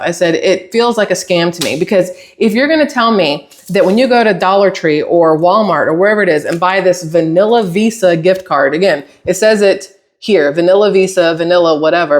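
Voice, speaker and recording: A woman hosting her own channel, telling a casual story in an animated, exasperated way and acting out both sides of a phone call. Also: fairly low pitch. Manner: animated, exasperated retelling with acted-out quotes. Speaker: channel host.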